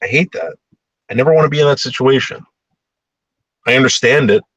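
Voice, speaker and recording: A man's voice: mid-range voice, brisk, fairly bright tone, no echo, highs cut off. A man ranting bluntly in a heated, profane opinion monologue.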